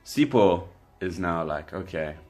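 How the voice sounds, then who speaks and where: A young South African man casually telling a story, relaxed and rambling, with lots of fillers and restarts. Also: sits low, unhurried, faint music behind. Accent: South African English. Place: indoors by candlelight.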